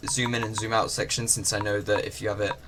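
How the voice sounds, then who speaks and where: A man's voice: on the low side, level tone, quick pace, music in the background. A man giving casual, rambling commentary on a farming game, full of fillers. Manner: chatty, rambling, with many fillers. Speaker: gaming channel host. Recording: game ocean noise behind.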